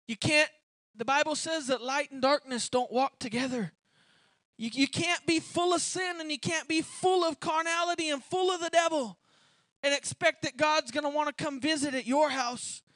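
A woman preacher with a high, bright-pitched voice delivers a fervent sermon. She swings between soft pleading and sudden shouted declarations. The sound is close and dry, with no room around it. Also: dry recording. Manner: impassioned, swinging from hushed to shouted; repetitive pleading appeals.

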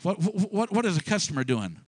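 A man's voice: sits high, big pitch swings, a little fast, breathy edge, no room sound. A man preaching a sermon, telling a story and acting out small scenes in changing voices.

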